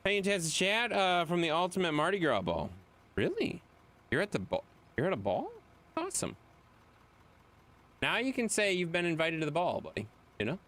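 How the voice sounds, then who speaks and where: A man streaming a game live, joking and swearing with his friends in lively banter. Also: a little high, fast. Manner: excitable, profane, joking.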